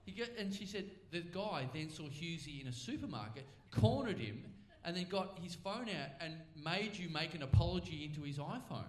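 Animated man telling a story. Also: on the high side, fairly quick. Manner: animated, acts out both sides of a conversation, swears freely. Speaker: comedian guest telling a story. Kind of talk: live comedic storytelling. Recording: echoey live theater stage.

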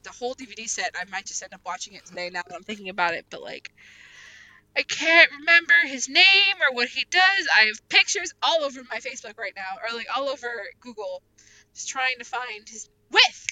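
A woman co-hosting a relaxed podcast chat. Her voice is bright and a little high, and she rambles and thinks out loud as she goes. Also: fairly quick, dry recording, poor audio. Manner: rambling, thinks aloud while searching. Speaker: podcast co-host. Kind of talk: casual chat about anime.

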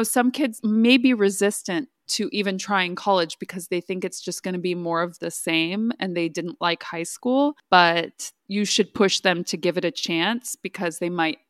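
A woman co-hosting a casual book club podcast, speaking earnestly and getting emotional over stories, with soft laughs. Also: mid-range voice, normal speed, few pauses, no echo, clean studio sound. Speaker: podcast co-host, speech-language pathologist.

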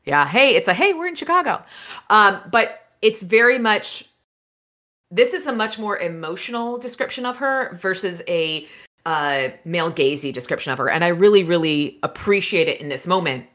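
A woman co-hosting a casual book podcast, chatting about chapters and reading passages aloud in an animated way. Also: fairly low pitch, normal speed. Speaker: podcast co-host.

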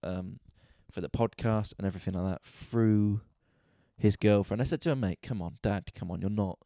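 A stand-up comedian who hosts a podcast unloads a casual, curse-filled story at a moderate pace, exasperated and animated throughout. His voice is fairly low, soft and mellow, with some creak. The recording is close and dry, with almost no room sound.

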